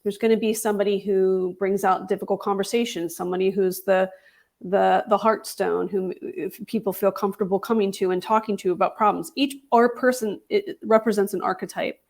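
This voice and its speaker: A woman's voice: medium pitch, fairly even intonation, a little fast, a little mellow. A woman guest in an interview, articulate and assured, explaining her views at length. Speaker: podcast host guest. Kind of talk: interview answers.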